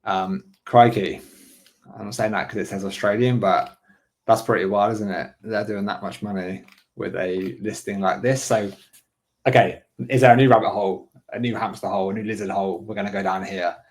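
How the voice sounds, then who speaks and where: A man's voice: fairly low pitch, fairly even intonation, moderate pace. Chatty man thinking aloud. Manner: thinks aloud, chatty, frequent "right?" asides. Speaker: online business coach. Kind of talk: casual screen-share walkthrough.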